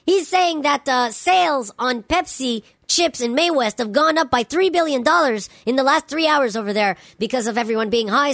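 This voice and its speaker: A woman's voice: high voice, fairly bright tone, dry recording, studio quality. A woman playing a swaggering, profane stoner male news anchor on a spoof radio show, full of slang. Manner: slangy, profane, "you know what I'm saying". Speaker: comedy radio host. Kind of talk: comedy radio sketch.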